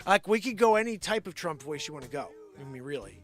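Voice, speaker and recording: A man's voice: fairly high pitch, big pitch swings, fast talker, a bit bright, faint music behind. A man hosting a live show and rambling jokily, often sliding into impressions. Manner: rambling, jokey, slips into impressions. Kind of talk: improvised comedic livestream rambling.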